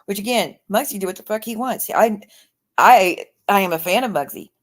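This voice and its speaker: A woman's voice: medium pitch, moderate pace. A woman hosting a livestream, arguing defensively and swearing as her anger rises. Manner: defensive, swearing, rising to angry outbursts. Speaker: livestream host. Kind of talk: heated livestream argument.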